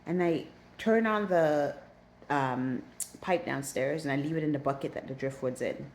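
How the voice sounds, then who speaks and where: A woman with a low, deep voice tells a casual personal story as a vlogger. She gets animated and repeats phrases while reliving the panic. A faint hiss sits under her voice. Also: normal speed. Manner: animated, repeats herself when recounting panic. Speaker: aquarium hobbyist vlogger.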